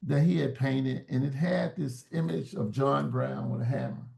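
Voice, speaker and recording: A man's voice: medium pitch, moderate pace, vocal fry, darkish tone. A man talking as an interview guest in a reflective, searching way, often restarting words mid-thought. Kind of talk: casual interview talk.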